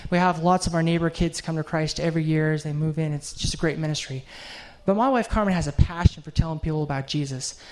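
A man's voice: a little high, fast talker, few pauses, darkish tone. A middle-aged man preaching a sermon, telling a heartfelt story in an earnest way and closing in prayer.

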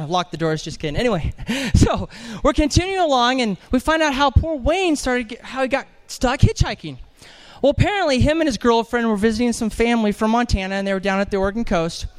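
A man preaching an animated sermon in church, telling a story with jokes and acted-out voices. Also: very high voice, smooth. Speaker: evangelist preacher.

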